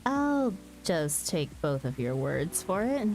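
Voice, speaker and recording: Relaxed woman hosting a stream. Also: low-pitched, takes it slowly, faint music behind. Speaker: streamer host. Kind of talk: casual chat while streaming.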